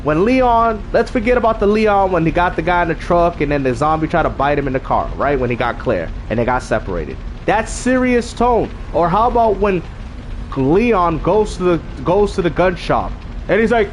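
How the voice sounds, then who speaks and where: A man hosting a gaming channel, talking in a casual, slangy, animated way and often repeating himself. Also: sits high, moderate pace, slight background noise.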